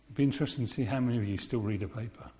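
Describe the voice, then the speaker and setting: A preacher with a dark-toned, mid-range voice delivers a sermon at rapid-fire speed. He keeps it conversational, tossing rhetorical questions to his listeners, while a large hall adds long reverb.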